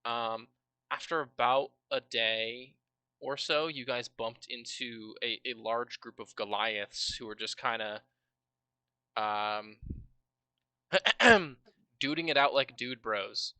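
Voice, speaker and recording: Man, game master, casual rambling recap, very bright voice, dry close sound. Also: medium pitch, fairly even intonation, slow pace, smooth, dry recording. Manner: casual and rambling, with swearing and many fillers. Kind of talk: recapping a tabletop game on a livestream.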